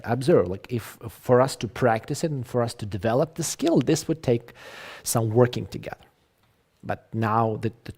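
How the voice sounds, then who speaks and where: A man giving an online English lecture over a video call, talking in a lively, conversational way with frequent fillers and restarts. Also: fairly low pitch, husky.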